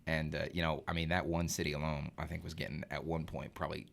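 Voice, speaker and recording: A young man, chatting as a podcast guest, relaxed and rambling. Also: a bass voice, fast talker, creaky, a little hiss or hum. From Arkansas. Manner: relaxed, rambling, laughs often. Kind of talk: casual chat.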